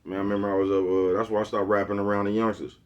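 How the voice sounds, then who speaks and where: Bay man, very low voice, loose slangy vlog rant, looping back on himself. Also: flat delivery, rapid-fire, lo-fi sound. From Oakland, California. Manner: slangy, rambling, keeps asking "you know what I'm talking about". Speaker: vlogger. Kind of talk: casual monologue to camera. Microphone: phone with Bluetooth earpiece.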